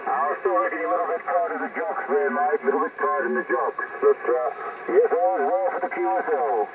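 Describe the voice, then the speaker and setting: A man's voice: high-pitched, expressive, brisk, narrow, tinny audio. An Australian man speaking over amateur radio, bantering and using radio slang. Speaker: amateur radio operator on the other end. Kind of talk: casual ham radio chat. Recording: distant noisy radio transmission.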